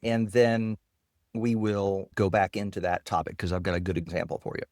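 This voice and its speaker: A man with a lowish voice eagerly walks through a software demo as an interview guest. He explains things step by step in a dry, close-miked recording. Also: level tone, moderate pace, dry recording. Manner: enthusiastic, explanatory. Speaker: guest technologist. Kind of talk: casual interview with screen demo.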